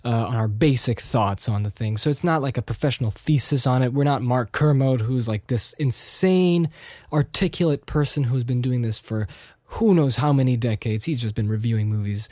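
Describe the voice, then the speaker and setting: A man's voice: mid-range voice, normal speed, dark tone, no room sound. A young man talks through a casual solo podcast, slightly nasal and self-deprecating. He rambles, restarts his sentences and wanders between thoughts. The sound is close and dry. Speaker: podcast host.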